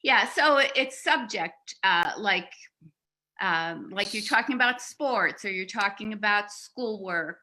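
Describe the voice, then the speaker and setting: A woman's voice: medium pitch, bright, forceful tone. A woman leading a communication workshop, explaining in a teaching tone with small restarts and light laughs. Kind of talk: teaching seminar talk.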